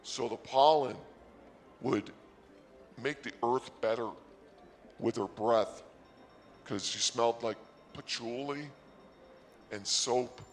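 A man doing a rambling, absurd comic story on the radio, excitable at times. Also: medium pitch, slow, pauses often, big-room sound.

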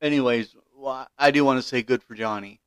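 A man's voice: mid-range voice, steady tone, fairly quick, clear, resonant tone, no room sound. Emphatic man ranting on news. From Kentucky, USA. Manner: emphatic, indignant, stumbling restarts. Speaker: podcast host. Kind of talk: opinionated news commentary.

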